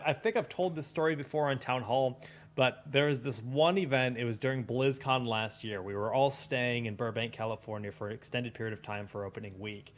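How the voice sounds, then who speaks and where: Young man casting esports, joking. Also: mid-range voice. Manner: casual, joking banter with chat. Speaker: esports caster. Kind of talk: live esports commentary.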